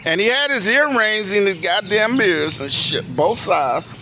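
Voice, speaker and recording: A man telling a story in a casual, profane, animated way for his vlog. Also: high voice, measured pace. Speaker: vlogger. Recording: noisy outdoor recording. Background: roosters and chickens.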